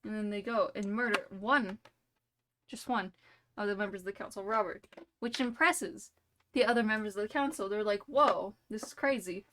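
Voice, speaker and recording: A woman's voice: mid-range voice, moderate pace, fairly bright tone, slight background noise. A woman streamer telling a silly made-up story during a live game, rambling and playful, full of "like" and "you know".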